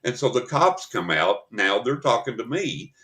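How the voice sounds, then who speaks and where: A man's voice: mid-range voice, big pitch swings, moderate pace, bright, forceful tone. A man hosting a paranormal talk show, telling a story in casual chat and acting out the voices of the people in it.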